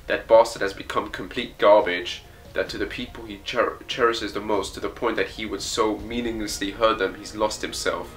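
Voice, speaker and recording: A man reading as a bitter young male soldier from a comic, low and quietly grim. His delivery is subdued, with faint music in the background. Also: fairly even intonation, moderate pace, lightly acted.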